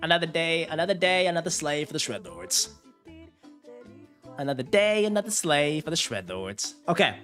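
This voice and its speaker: A man's voice: fairly high pitch, big pitch swings, normal speed, pushed and bright, faint music behind. A man hosting a casual live stream, hyped and slangy, talking to his chat. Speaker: finance streamer.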